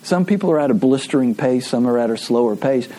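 A man's voice: mid-range voice, expressive, fast, dark tone. A man preaching a sermon, telling stories in a conversational way with frequent restarts.

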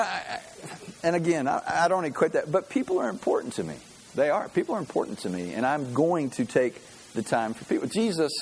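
A man preaching a sermon, telling stories with animated energy and acting out the voices. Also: on the high side, slight background noise, rough recording. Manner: animated storytelling, acts out voices. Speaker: pastor.

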